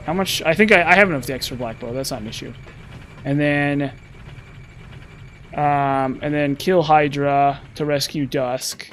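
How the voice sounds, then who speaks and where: A man's voice: fairly high pitch, a little hiss or hum. Rambling man thinking aloud over gameplay. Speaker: gameplay commentator. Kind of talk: casual gameplay commentary.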